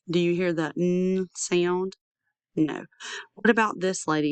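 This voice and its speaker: A woman teaching a young children's phonics lesson, sounding out letters slowly and repeating handwriting chants. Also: on the low side, no echo. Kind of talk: early-years phonics lesson.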